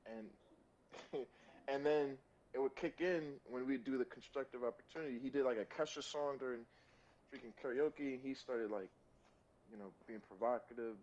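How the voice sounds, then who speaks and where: A young man with an average-pitched voice rambles through a story in a halting way, full of fillers and restarts. His voice comes through a little dull and muffled. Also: a little mellow. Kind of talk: casual chat.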